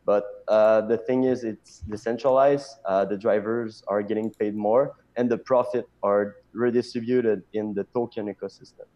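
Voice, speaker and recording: A man with a French accent talks through a casual interview at a low pitch, stopping often with fillers. His voice sounds dark and mellow. The audio comes across dull and lo-fi, as if from a call. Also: fairly even intonation. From Canada. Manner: halting, many pauses and fillers. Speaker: chief technical officer guest.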